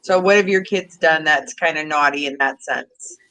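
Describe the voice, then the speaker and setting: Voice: medium pitch, moderate pace, pushed and bright, clear, resonant tone, rough recording. A guest in a casual chat, asking the others questions about their kids. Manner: asks the group questions.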